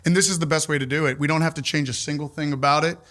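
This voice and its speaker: A man who owns the building, telling stories in an animated, casual way at a live podcast and acting out the people he quotes. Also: a little high, racing. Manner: animated storyteller, acts out quotes. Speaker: building owner. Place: large old building, live audience.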